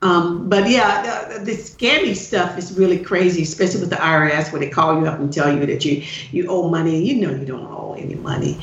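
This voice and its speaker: A woman's voice: lowish voice, a little fast, slight background noise. A woman chatting casually on a muffled, echoey connection, her voice sounding roomy and dull. She tells her stories with emphatic asides. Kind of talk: casual chat.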